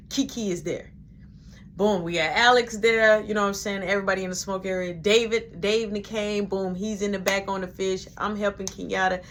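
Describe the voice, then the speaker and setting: A man's voice: sits high, a little hiss or hum. A man casually telling a story about a shift at work, animatedly acting out everyone's lines. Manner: animated, acts out dialogue, quick quoting.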